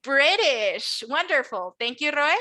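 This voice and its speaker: A woman teaching an online English class, saying words slowly for students to repeat. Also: sits high, sing-song, bright, forceful tone. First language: Spanish. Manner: slow, drawn-out model words for repeating.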